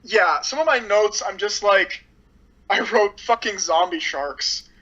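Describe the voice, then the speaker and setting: A woman's voice: mid-range voice, slow, a bit bright, lo-fi sound. A woman reviewing a movie in casual chat, blunt and sarcastic, with lots of "like".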